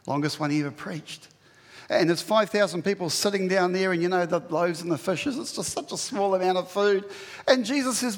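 A pastor with a high voice preaches briskly to his church, conversational and emphatic, often acting out what people say. The recording has a big-room sound.

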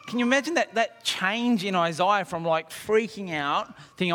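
A man preaching a sermon, animated, acting out scenes and asking the congregation questions. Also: on the high side, unhurried. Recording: reverberant hall.

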